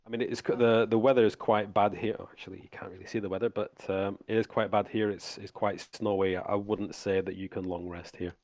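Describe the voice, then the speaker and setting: A man narrating as game master of a tabletop game on a live stream, relaxed and halting with many restarts. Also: fairly low pitch, dry recording.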